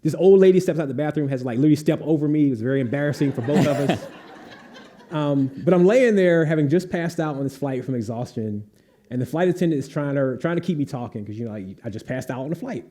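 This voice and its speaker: A man's voice: fairly high pitch, quick pace. A young adult man telling a comic anecdote at a live author event, acting out the voices of the people in it and laughing often. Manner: animated storyteller, acts out voices, laughs often. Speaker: author on a panel.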